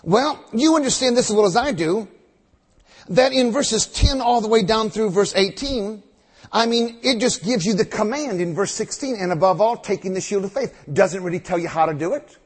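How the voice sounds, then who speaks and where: A man preaching a sermon, reading scripture aloud and then explaining it slowly with emphatic repetition. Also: high voice, expressive, breathy edge. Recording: long reverb of a large hall.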